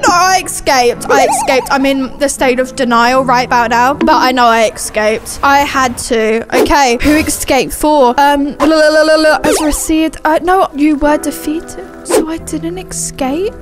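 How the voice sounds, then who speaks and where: A young woman with a high, bright voice talks her viewers through a scary game in a jumpy, nervous way. Clear game music plays behind her. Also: unhurried. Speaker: gaming YouTuber. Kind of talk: excited gameplay commentary.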